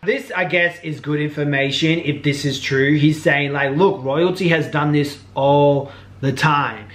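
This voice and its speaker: A man's voice: a little high, steady tone, unhurried, fairly bright tone. A man giving casual reaction commentary, loose and chatty, peppered with "like" and "bro". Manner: casual, uses "like" and "bro" a lot.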